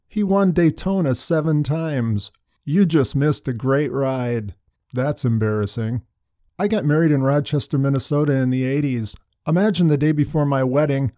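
An older man preaches a sermon, leading in with story after story. His voice sits a little high yet sounds mellow and dark. The sound is dry and close. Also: dry recording. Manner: storytelling with anecdotes. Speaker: pastor.

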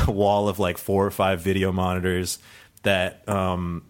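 A man's voice: low voice, little pitch movement, slow. A man telling a long true story with many fillers, laughing now and then and acting out the other people in it. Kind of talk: storytelling for a live audience.

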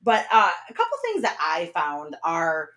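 Podcast lady, chatty, laughs a lot, voice all over the place pitch-wise. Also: a little slow. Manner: animated, laughs often, chatty. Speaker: podcast host. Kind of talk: casual chat.

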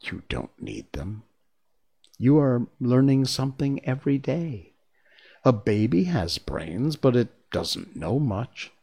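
A man's voice: mid-range voice, very animated, takes it slowly, creaky, mellow, husky, heavily acted. A man voicing a humbug wizard who is meek and apologetic, talking in a pleading, self-deprecating way.

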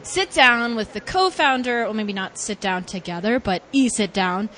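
A young woman hosting a podcast in a casual, bubbly chat, laughing often and swinging her pitch widely. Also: expressive, normal speed, a bit bright, a little hiss or hum. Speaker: podcast host and life coach.

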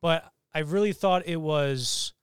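Animated young man reviewing films. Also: a little high, clear, resonant tone, no echo, studio quality. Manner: animated, quick asides and self-corrections. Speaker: podcast co-host. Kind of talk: casual movie review chat.

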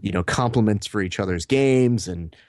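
A man co-hosting a podcast, telling animated stories and swearing casually. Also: on the low side, moderate pace, dry recording, studio quality. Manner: animated storyteller, acts out quotes, swears. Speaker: podcast co-host.

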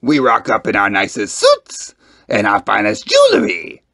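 A man's voice: on the low side, wildly swooping pitch, moderate pace, gravelly, bright, forceful tone, no room sound, clean studio sound, heavily acted. A man voicing a scheming, grinning male villain in an audio fan fiction reading. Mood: scheming, gleeful. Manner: theatrical, gleeful.

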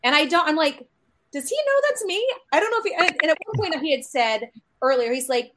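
A woman with a high voice tells a casual story on a panel. She acts out the lines she quotes as she goes. A soft hiss runs underneath. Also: lively intonation, quick pace. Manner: anecdotal, acts out quoted dialogue. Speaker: actor and panel guest.

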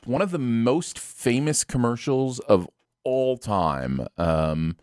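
Animated American man hosting podcast. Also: mid-range voice, takes it slowly, no room sound, clean studio sound. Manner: jokey, rambling with fillers. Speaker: host, writer. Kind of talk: casual podcast chat.

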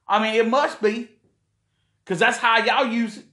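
A man's voice: extremely high pitch, steady tone, measured pace, sharp tone, reverberant. A man from South Carolina, hosting a podcast in a heated, profane, rambling rant. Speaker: podcast host. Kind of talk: ranting monologue.

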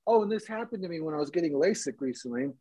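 A man's voice: a little high, animated, rapid-fire, warm tone, slightly rough, dry recording, poor audio. A man who works as an actor, telling a story in a rambling, amused way with many restarts and fillers. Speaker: actor guest. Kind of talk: casual storytelling.

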